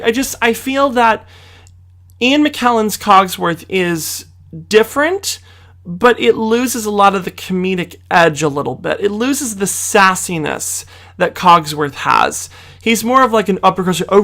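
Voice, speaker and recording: A man's voice: high-pitched, pushed and bright. A man giving a casual video review of a film, chatty and gushing, with theatrical asides.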